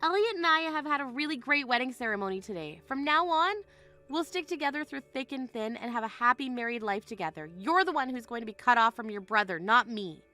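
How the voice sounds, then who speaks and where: A woman's voice: a little high, lively intonation, fairly quick, sharp tone, faint music behind. A woman voicing a wronged, resolute young bride in a text-message drama, speaking in a firm, indignant way. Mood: defiant. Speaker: voice actor.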